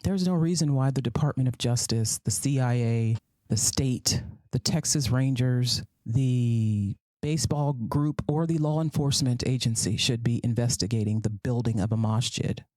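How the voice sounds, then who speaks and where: A woman's voice: very deep voice, moderate pace, dark tone, no echo. A woman hosting a solo commentary podcast, sarcastic and profane, who repeats phrases for emphasis and slips into mocking voices. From United States. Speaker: podcast host.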